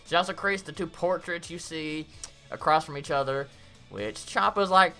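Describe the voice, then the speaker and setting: Over soft background music, a woman with a low-pitched voice gives a casual, rambling review of a cartoon episode. She recaps scenes chattily and with animation, throwing in quick acted-out quotes.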